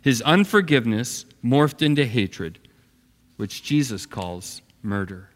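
A man's voice: mid-range voice, expressive, takes it slowly. A man preaching a sermon as pastor, telling the story expressively and acting out its characters. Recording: long hall reverb.

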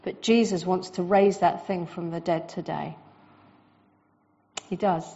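A woman preaching a sermon in a lively, conversational way, with quick asides to the congregation. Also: fairly low pitch, dull audio.

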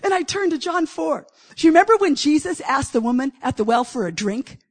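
High-voiced woman preacher telling stories. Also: a little fast. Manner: animated storytelling, acts out dialogue, rising to shouts. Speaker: guest speaker, preacher. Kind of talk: sermon with personal stories.

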